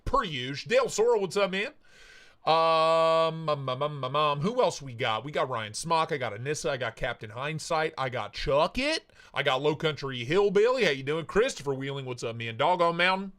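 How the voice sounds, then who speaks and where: Bright, lively male livestream host. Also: on the high side, moderate pace. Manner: playful, greets chatters by name with jokey shout-outs. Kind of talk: casual live-stream chat.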